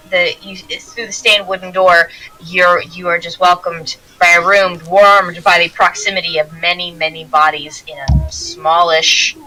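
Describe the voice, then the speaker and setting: Female game master, bright tone, loose rambling narration with soft music under. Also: fairly low pitch, rough recording. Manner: rambling, many restarts and fillers.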